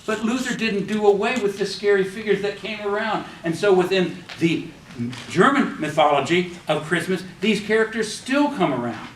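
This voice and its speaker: A man's voice: high-pitched, expressive, moderate pace, a bit bright, reverberant, far from the mic, a little hiss or hum, low-quality recording. A man giving a classroom lecture, telling stories with many ums, restarts and false starts. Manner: rambling with frequent ums and restarts.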